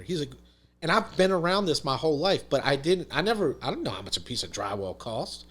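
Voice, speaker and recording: A man's voice: a little high, sing-song, a little fast, a bit bright, husky. A man talking as a podcast guest, telling a story in casual conversation, emphatic, swearing freely and saying "dude" and "literally" a lot.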